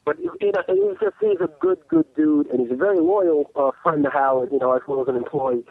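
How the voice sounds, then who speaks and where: A middle-aged man calls in to a talk show to tell stories, his voice lively and swinging up and down. It carries a gravelly texture and he trips over words as he starts. The sound is thin and tinny, like a dry phone line. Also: on the high side, brisk. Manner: animated, repeats words when starting sentences. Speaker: radio show regular as a guest. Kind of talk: casual interview storytelling. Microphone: telephone.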